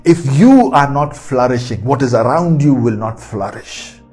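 A man's voice: mid-range voice, animated, measured pace, darkish tone, breathy edge, soft background music. A man preaching a sermon, repeating key phrases with emphatic, rising delivery.

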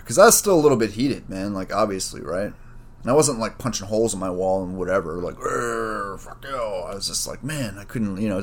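A man with a very low voice tells a personal story in a casual solo monologue. He rambles and swears freely and keeps dropping "man" and "bro" into his sentences. As he reflects on what happened, he gets worked up again. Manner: rambling, profane, streetwise slang, says "man" and "bro" a lot.

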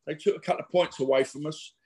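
A man's voice: a little high, steady tone, quick pace, mellow, husky. A middle-aged man, a former boxer telling rambling, slangy stories in a casual interview. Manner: chatty, rambling, laddish slang with frequent fillers.

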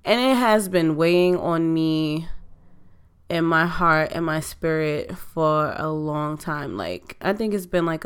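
A woman hosts her podcast in relaxed, unhurried chat, taking her time over each thought. Her voice sits a bit low and stays clean and smooth, though a slight hoarseness shows she is still recovering. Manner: conversational, reflective, drawn-out delivery. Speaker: podcast host.

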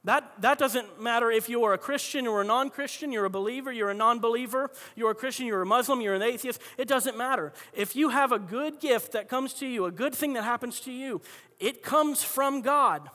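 A man's voice: very high-pitched, a little fast, sharp tone, in a large hall. A man pastor preaching a sermon in a conversational, storytelling way, often restarting his sentences.

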